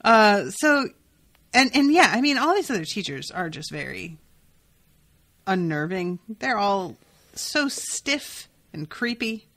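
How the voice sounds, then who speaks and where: A woman hosting a podcast in casual chat, animated and profane, laughing often. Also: mid-range voice, slow. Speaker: podcast host.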